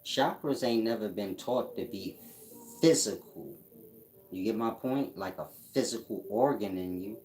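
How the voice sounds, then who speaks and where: A man's voice: fairly low pitch, expressive, unhurried, a little mellow. A man hosting a casual livestream, reading out chat comments and answering them in a blunt, mocking way with frequent laughs. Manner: blunt, mocking, laughs at his own jabs.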